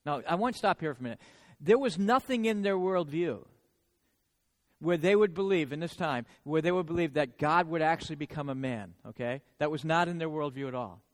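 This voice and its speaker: A man preaches a sermon in a loose, conversational way and keeps checking in with "right?". His voice sits high for a man, and a long reverb trails after it, as in a large hall. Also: animated, a little fast.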